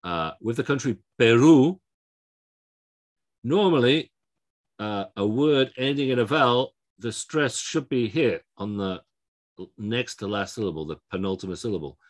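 A man's voice: medium pitch, normal speed. A man teaching Spanish pronunciation in a lecture, explaining rules step by step and often checking in with "okay?". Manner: explanatory, frequent fillers and restarts, checks in with okay. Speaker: Spanish language instructor.

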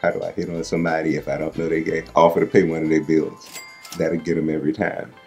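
A man's voice: extremely low pitch, little pitch movement, fast talker, a little mellow, faint music behind. A man giving comedic commentary to camera in a confident, declarative way, chuckling between lines. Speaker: cast member.

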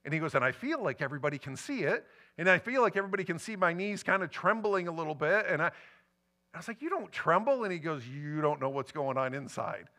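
Bright-voiced man preaching a personal story. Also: on the high side, quick pace. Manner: personal storytelling with lively emotional swings. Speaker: pastor. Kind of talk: sermon. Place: church sanctuary.

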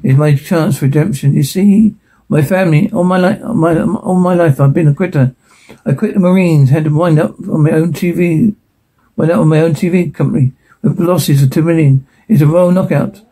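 A hapless, self-pitying middle-aged royal uncle in a sitcom. He is earnest and stumbles over his words, and his voice is fairly high with a dark, husky tone. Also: moderate pace, poor audio. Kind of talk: sitcom acting.

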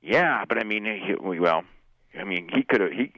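A man co-hosting a radio show, quick and pushy with his questions, swearing casually. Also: fairly low pitch, lively intonation, dry recording, lo-fi sound.

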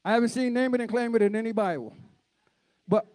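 Guest preacher, a man, lively call-and-response delivery. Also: very high voice, quick pace, pauses often. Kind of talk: sermon.

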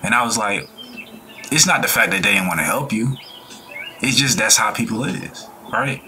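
A man hosts a casual reaction video, his fairly low voice expressive, bright, and forceful at a normal speed, with slight background noise. He talks in a loose, slangy style, preaching life and good vibes, and performs the people he quotes in changed voices.

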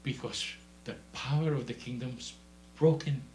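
A man preaching a sermon in an animated way, swinging from soft, low asides to loud, high-pitched exclamations and laughing as he tells stories. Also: unhurried, roomy sound.

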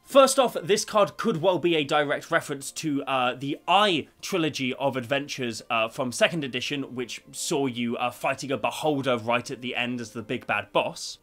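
A man's voice: mid-range voice, fairly bright tone. A man hosting a casual recorded discussion, chatty and joking, with frequent uh fillers. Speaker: host.

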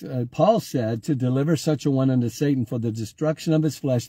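Man, pastor, casual online sermon, talks to viewers by name, mellow, husky. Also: mid-range voice, no echo. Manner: conversational, repeats himself, addresses viewers by name.

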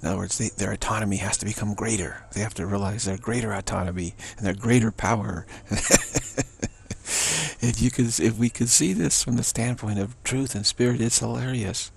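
Creaky, husky man with a fading voice. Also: lowish voice, steady tone. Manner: halting, searching delivery with frequent restarts. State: voice fading to a whisper. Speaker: spiritual teacher. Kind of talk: spiritual teaching monologue.

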